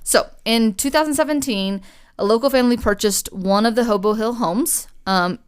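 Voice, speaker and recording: A woman's voice: fairly high pitch, moderate pace, smooth. A young woman co-hosting a podcast, telling a story in casual chat, chatty and swearing freely with lots of fillers. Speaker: podcast co-host.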